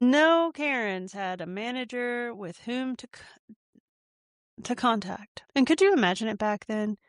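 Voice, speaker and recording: A woman's voice: a little high, no echo, studio quality. A woman hosting a casual solo podcast, talking in a wry, irreverent way full of joking asides. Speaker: podcast host.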